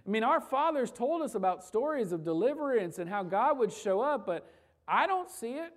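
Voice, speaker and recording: A woman preacher voicing a frightened young man who doubts and pleads, speaking in rapid disbelieving questions. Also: on the high side, very animated. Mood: incredulous.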